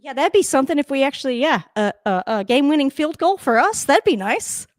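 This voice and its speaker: A woman hosting a casual live football reaction, excitable and swearing, often laughing and talking straight to the coach. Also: sits high, fairly quick, no echo, studio quality. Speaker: sports reaction host. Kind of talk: casual live game commentary.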